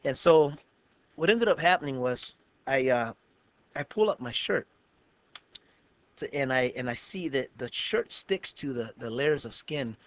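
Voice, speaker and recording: A man's voice: mid-range voice, expressive, measured pace, pauses often, no room sound. A man, a pastor and guest on a talk show, telling a long personal story in an earnest, detailed way with frequent restarts. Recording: dull lo-fi web show recording.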